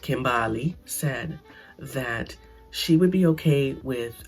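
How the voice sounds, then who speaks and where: A reality TV commentator, a woman with a husky, slightly breathy, extremely low-pitched voice, recaps shows in a casual, blunt manner. She speaks slowly but sounds animated and sarcastic, with faint music playing behind her.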